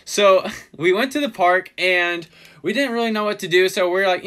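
A man casually telling a story in a livestream replay, animated and laughing often as he acts out what was said. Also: high voice, moderate pace.

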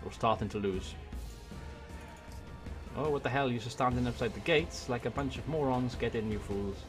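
A man from Wales with a Welsh accent, giving excitable let's-play commentary on a strategy game into a desk microphone, swearing and muttering to himself as he plays. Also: mid-range voice, moderate pace, music in the background. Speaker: gaming YouTuber. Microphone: desk USB microphone.

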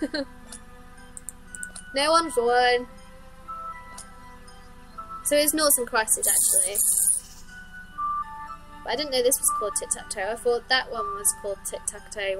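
A woman's voice: a little high, moderate pace, pauses often, music in the background, poor audio. A woman giving chatty, giggly commentary while playing a game. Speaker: let's play host. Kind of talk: casual gameplay commentary.

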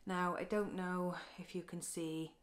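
A woman, chatting tenderly and a little haltingly as she shows her craft work in a casual vlog. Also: fairly low pitch, level tone. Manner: soft, tender, chatty, with halting restarts and ums. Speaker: craft vlogger. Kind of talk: casual show-and-tell vlog.

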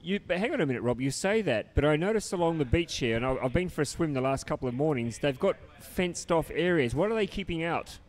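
A man's voice: fairly high pitch, expressive, quick pace, hardly any pauses. A man from Australia, doing live sports commentary banter from a beach tent, jokey and laughing. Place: tent booth at a beach event.

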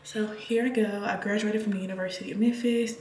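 A woman's voice: medium pitch, fairly even intonation, fast talker, a little mellow. A woman in her twenties touring her apartment in a casual vlog, chatting to viewers as y'all. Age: 20s. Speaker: nurse vlogger. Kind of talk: casual home tour vlog. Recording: echoey room with faint noise.

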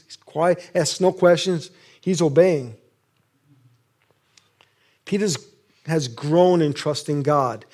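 A man's voice: a little high, a little mellow. A middle-aged male preacher giving a casual sermon, acting out scenes and laughing often.

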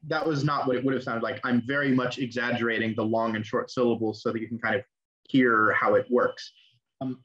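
Over a video call, a young teacher gives a relaxed online lecture at an ordinary pitch, with dull, somewhat lo-fi audio. His explanations are casual and conversational, full of fillers, and he often stops to restart a phrase.

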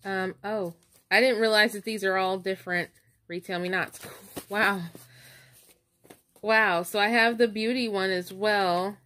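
A woman chatting excitedly in a casual vlog, stuttering now and then as she leafs through coupon inserts. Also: mid-range voice, unhurried, pauses often. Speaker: couponing vlogger. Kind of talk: casual show-and-tell vlog.

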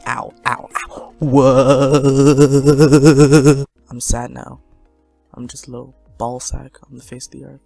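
A man giving jokey let's-play commentary, talking to his viewers and teasing himself as he plays. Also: medium pitch. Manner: joking, self-mocking, talks to viewers. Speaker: gaming commentator.

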